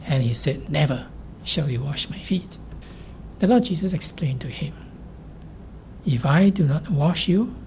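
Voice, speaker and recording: Woman preacher, low mellow voice, measured and emphatic, soft near-whispers, faint hiss behind. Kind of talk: sermon.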